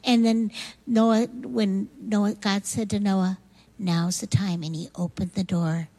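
A woman telling a children's Bible story with animated, repetitive emphasis. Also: medium pitch, slow, rough recording.

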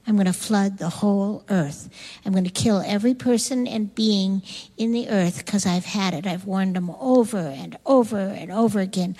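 A woman's voice: mid-range voice, normal speed, mellow, long reverb tail, close to an everyday voice, poor audio. A woman voicing God as a firm, solemn male figure in a children's Bible story. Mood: grim. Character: stern weary God, male, deep-voiced.

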